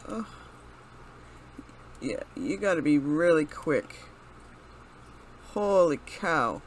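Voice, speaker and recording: A woman's voice: low voice, animated, drawn-out words, a little hiss or hum, rough recording. A woman hosting her gaming channel, casually commenting as she plays, reading commands aloud, laughing and exclaiming. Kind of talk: casual let's-play commentary.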